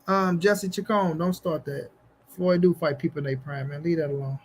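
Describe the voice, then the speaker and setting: A man's voice: fairly high pitch, steady tone, normal speed, a little hiss or hum. A man hosting a casual boxing livestream, talking straight to his chat in slang and repeating his phrases for emphasis. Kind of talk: casual livestream chat, reading viewer comments.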